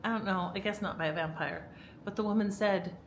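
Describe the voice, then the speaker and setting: A woman's voice: mid-range voice, brisk, slight background noise, poor audio. A woman vlogging at home in a casual, rambling storytelling style, with lots of fillers and restarts. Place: at home, indoors.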